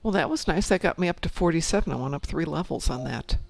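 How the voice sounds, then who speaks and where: Gravelly, higher-voiced male streamer. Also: lively intonation, fast, faint music behind. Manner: chatty, reads out chat messages, rambling asides. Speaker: streamer host. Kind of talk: casual gaming stream chat.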